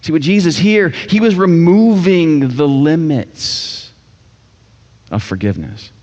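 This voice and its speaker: A man's voice: a little high, lively intonation, takes it slowly, a little mellow. Male pastor, casual and jokey, slightly muffled, long hall reverb. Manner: casual, joking preacher voicing characters. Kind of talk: sermon. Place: church sanctuary. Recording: dull sound with long church reverb.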